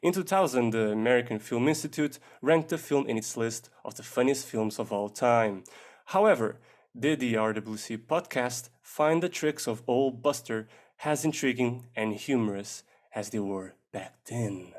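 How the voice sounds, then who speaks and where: A man's voice: medium pitch, normal speed, natural voice. A man putting on a transatlantic accent as an old-time 1940s film announcer, with a grand, theatrical delivery. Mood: grandiose.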